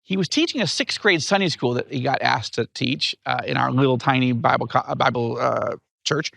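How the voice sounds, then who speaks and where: A man in his fifties from upstate New York, telling his life story as an interview guest in an animated way. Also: medium pitch, fairly quick, vocal fry, no echo, studio quality. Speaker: guest author.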